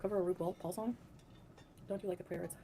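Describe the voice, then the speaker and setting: A woman's voice: on the low side, steady tone, fast, warm tone, a little hiss or hum. A woman livestreaming casually, reading out and answering chat, laughing often and breaking into bits of song. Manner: thanks chat by name, laughs often, sings snatches.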